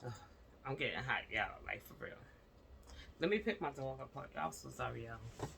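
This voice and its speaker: A woman's voice: very deep voice, lively intonation, normal speed, creaky, a bit bright, a little hiss or hum. A woman vlogger at home, giving impassioned casual commentary on a news story and speaking straight to her viewers with repeated fillers.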